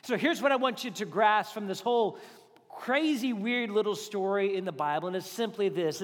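A male pastor preaching a conversational, animated sermon to a congregation, acting out quotes as he goes. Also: high-pitched. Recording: reverberant hall.

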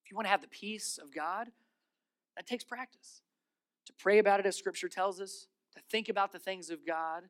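A man's voice: sits high, normal speed, fairly bright tone. A man in his thirties preaching a sermon as pastor in a church, telling stories with energy, repeating key phrases and putting questions to the congregation.

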